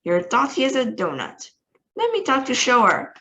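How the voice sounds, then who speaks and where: A woman reading aloud, voicing a gruff male president with a deep, raspy put-on voice who barks impatiently. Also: huge pitch swings, moderate pace, sharp tone, exaggerated voice, rough recording. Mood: barking. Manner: barking, impatient.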